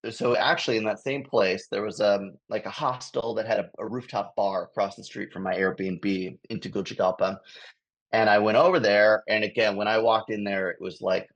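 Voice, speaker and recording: On a muffled video call, a Los Angeles improv comedian on tour tells a meandering story, chuckling frequently. His lowish voice is creaky and steady, at a normal speed.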